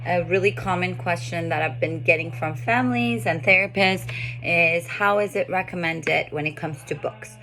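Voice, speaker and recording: A woman in her thirties, a speech pathologist, calmly explaining to parents how to read books to toddlers. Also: on the low side, normal speed, faint music behind. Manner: calm explanatory talk with bursts of lively read-aloud demonstration. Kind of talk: explaining tips to parents and therapists.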